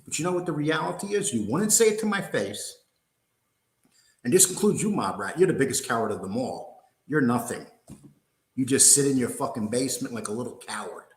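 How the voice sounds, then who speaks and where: A man's voice: mid-range voice, lively intonation, a little fast. An older man hosting a livestream, ranting angrily in a profane, combative, mocking way. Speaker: host. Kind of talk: angry livestream rant. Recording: roomy echo.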